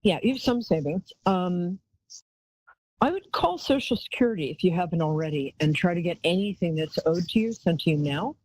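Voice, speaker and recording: A woman hosts a live psychic call-in show, her husky voice sitting low yet rising and falling with lively swings. She rambles chattily and showers callers with endearments. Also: normal speed, dry recording, poor audio. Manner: chatty, rambling, affectionate, calls callers darling.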